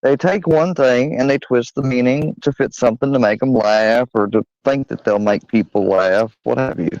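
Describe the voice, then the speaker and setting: A man hosting a heated livestream chat, with a medium-pitched voice. He rants in a rough, swearing way. The audio is dull and lo-fi, and dry, with no room sound. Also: moderate pace, a little mellow, dry recording. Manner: ranting, swearing.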